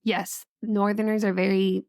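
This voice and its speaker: A woman's voice: medium pitch, level tone, unhurried, vocal fry, darkish tone, clear, resonant tone, no echo, studio quality. A woman from Northern Virginia co-hosting a podcast in casual, chatty talk, laughing often. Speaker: podcast co-host. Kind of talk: casual chat.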